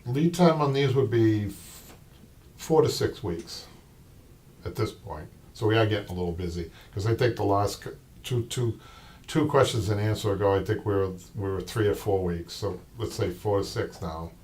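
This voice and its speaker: A man's voice: on the low side, moderate pace, darkish tone. A man with a Boston accent hosting a live upholstery show. He rambles and restarts in casual talk. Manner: rambling, with many restarts and asides. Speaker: upholstery shop owner and show host. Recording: distant mic with faint noise.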